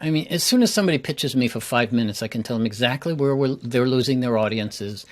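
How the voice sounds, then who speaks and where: Animated male speaking coach. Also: quick pace. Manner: animated, enthusiastic, jumps up in pitch for emphasis. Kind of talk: casual interview chat.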